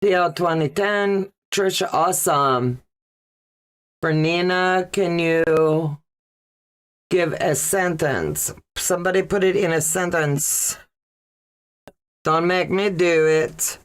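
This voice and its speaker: A woman hosts a relaxed sewing livestream and chats with her viewers as she reads their comments. Her voice sits low and her speech moves at an unhurried, easy pace. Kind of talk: casual livestream chat.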